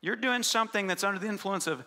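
A man preaching a sermon as pastor, swinging between loud urgent passages and quiet, low emphasis. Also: fast.

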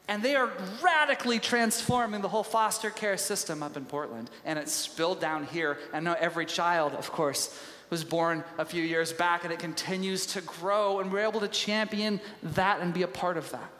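A man's voice: a little high, fairly bright tone. A man preaching a sermon, telling stories in a conversational way with frequent restarts. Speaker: pastor. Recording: echoey church hall reverb.

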